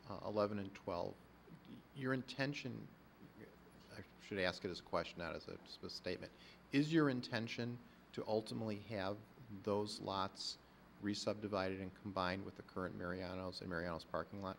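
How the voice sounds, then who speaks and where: A man's voice: low voice, level tone, fast talker, vocal fry, a bit bright, a little hiss or hum. A man chairing a public planning meeting, phrasing his questions carefully and running through procedure. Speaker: commission chair.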